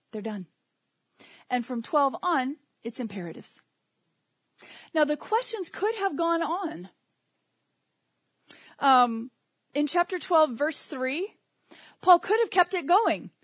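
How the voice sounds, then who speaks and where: A woman delivers a sermon in a conversational tone, mixing scripture with humorous everyday asides. Her voice sits fairly high. The recording is close and dry, with almost no room sound. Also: husky, no room sound. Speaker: preacher.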